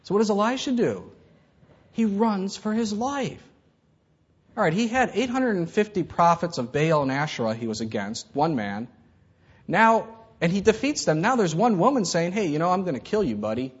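Male pastor preaching in a casual, storytelling way, slightly high and husky, muffled recording. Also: sing-song, normal speed. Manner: conversational preaching, acts out voices in stories. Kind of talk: sermon.

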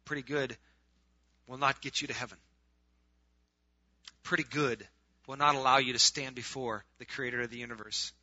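A man preaching a sermon to a group, swinging from loud, urgent appeals to hushed, quiet stretches. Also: medium pitch, fairly even intonation, normal speed, pauses often, dry recording, lo-fi sound.

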